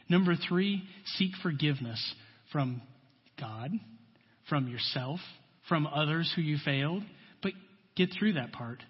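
A man's voice: a little high, lively intonation, moderate pace, breathy edge. A man preaching a sermon in a conversational, folksy way, full of asides and plain talk. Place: church. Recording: dull long-reverb church hall.

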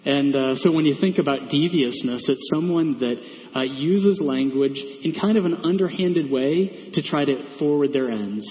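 A man's voice: a little high, moderate pace. Guy preaching a laid-back sermon, lots of ums and asides, big echoey hall, kinda dull muffled sound. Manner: conversational, with many fillers and asides. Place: church sanctuary.

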